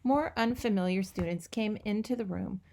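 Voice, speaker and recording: Reader: woman, mid-pitched, expressive children's-book narration. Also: normal speed. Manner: expressive, lively storytelling. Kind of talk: reading a children's book aloud.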